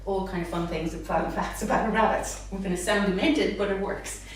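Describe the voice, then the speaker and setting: Woman speech therapist, animated sing-song modelling, roomy distant sound with faint hiss. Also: mid-range voice, fairly quick. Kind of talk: live talk to parents. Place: hall with a live audience. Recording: echoey room, mic far off, faint noise.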